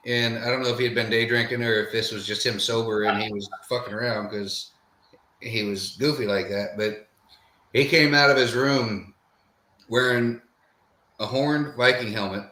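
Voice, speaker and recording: Bright-voiced, easygoing man. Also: mid-range voice. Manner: easygoing, meandering, hedging. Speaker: podcast co-host. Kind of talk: casual storytelling chat. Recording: roomy echo.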